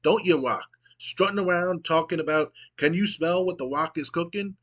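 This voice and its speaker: A brash, trash-talking wrestler voiced by a man barks cocky threats, pitched a touch above his usual voice. The delivery is loud and swaggering, like a wrestling promo impression. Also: moderate pace. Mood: mocking. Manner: cocky, shouting insults and threats.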